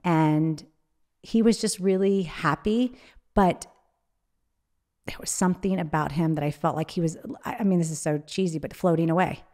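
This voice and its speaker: Emotional woman with a lowish voice. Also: dark tone. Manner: emotional, halting, with frequent restarts. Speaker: guest, author. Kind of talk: candid interview conversation.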